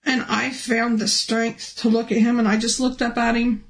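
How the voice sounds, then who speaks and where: A woman telling a personal testimony in a halting, restart-filled way, her voice rising high and emotional when she recalls pleading. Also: level tone, rough recording. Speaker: guest telling a near-death testimony. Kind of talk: personal testimony, casual storytelling.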